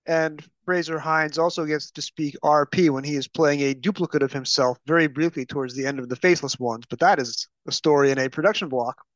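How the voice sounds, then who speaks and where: Wry podcast host with dull audio. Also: male voice, a little high, fairly even intonation, brisk, hardly any pauses, no room sound. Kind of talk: casual chat.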